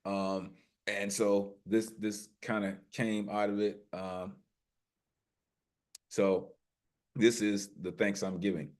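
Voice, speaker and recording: A man with a lowish voice hosts an online poetry open mic from a video call. He talks loosely and keeps hyping the poets, leaning on "listen" and "man" as he goes. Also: little pitch movement, slow, pauses often. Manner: warm hype, repeats "listen" and "man". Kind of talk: casual hosting chat and spoken word. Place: home via video call.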